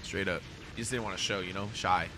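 A young man doing live reaction commentary on an anime, excitable and profane, shouting at the screen. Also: sits low, fast, noisy background.

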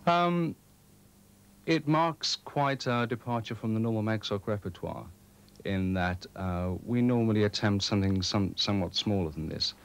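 A man's voice: lowish voice, expressive, moderate pace, slight background noise. A young man organising a student music society, talking earnestly through plans with frequent hesitations. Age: young adult. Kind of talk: committee discussion and radio interview.

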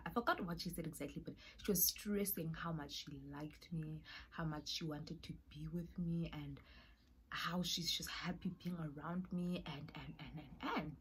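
A young South African woman with a South African accent, telling an animated storytime vlog and acting out the voices in it. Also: on the low side, moderate pace, slight background noise. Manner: animated, mixes in Zulu and Xhosa phrases, acts out voices. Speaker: YouTuber.

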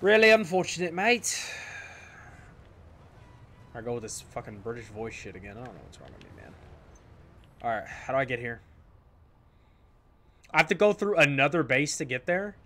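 A man's voice: mid-range voice, fairly quick, long pauses, pushed and bright, slight background noise. A man giving casual, jokey commentary over his own gameplay, talking to his viewers, repeating phrases and swearing when things go wrong. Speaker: gameplay streamer.

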